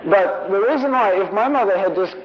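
A male preacher with a high, lively, brisk voice delivers a sermon to a congregation inside a church. He's emphatic and keeps repeating his key phrases, captured on a muffled 1970s recording.

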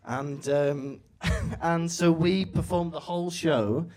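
A man from Wales with a North Welsh accent, co-hosting a live comedy podcast and taking audience questions in an animated, chatty way. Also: on the high side, slow pace. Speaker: podcast co-host.

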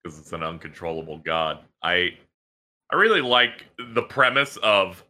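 A young man co-hosting a podcast in casual chat, animated and laughing often. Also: deep voice, moderate pace. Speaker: podcast co-host.

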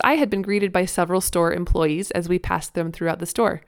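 A woman in her thirties hosting a parenting podcast, speaking earnestly, laughing softly now and then as she reads her own blog post. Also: lowish voice, steady tone, fairly quick, hardly any pauses, clean tone, no echo, clean studio sound. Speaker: podcast host.

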